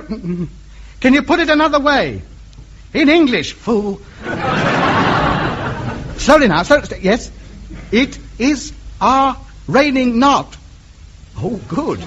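A man's voice: very high-pitched, fairly bright tone, full character voice. An actor playing a chatty male amateur radio ham who over-explains in an exasperated way, in 1950s radio comedy style. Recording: muffled old radio recording with hiss.

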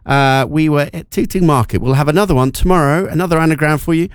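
A man's voice: on the high side, quick pace, clear, resonant tone, no room sound. Man, radio host, casual chat, filler words, dry studio sound. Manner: chatty, lots of filler words and restarts. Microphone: studio microphone.

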